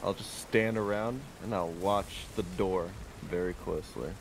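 A man playing a tabletop game, speaking in character with brash, taunting shouts. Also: deep voice, steady tone, moderate pace, creaky, slight background noise. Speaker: player. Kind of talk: in-character tabletop role-play.

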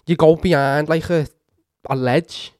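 A young man telling a story in casual chat among friends, swearing and acting out shouts. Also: a little high, unhurried, no room sound, studio quality. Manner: animated storytelling, swears a lot, acts out shouts.

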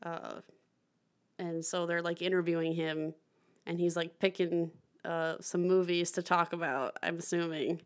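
A woman's voice: lowish voice, little pitch movement, unhurried. A young woman co-hosting a film podcast, chatting casually with lots of fillers, restarts and laughter. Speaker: podcast co-host. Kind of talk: casual chat about films.

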